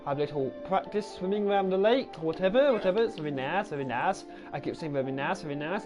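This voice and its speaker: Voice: mid-range voice, expressive, quick pace, few pauses, music in the background. A gaming channel host, giving a casual, rambling tour of a game world, correcting themselves and repeating the same praise.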